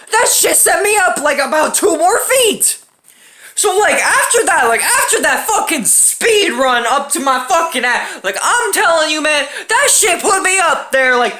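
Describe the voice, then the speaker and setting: A woman's voice: high voice, sharp tone. A young adult woman hosting a storytime channel, telling a story in a casual, profane way and laughing often.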